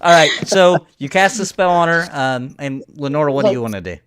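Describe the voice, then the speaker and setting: A man's voice: a little high, animated, fairly quick, a bit bright, clear, resonant tone. A man narrating a tabletop role-playing game as game master, describing the scene with many ums and restarts.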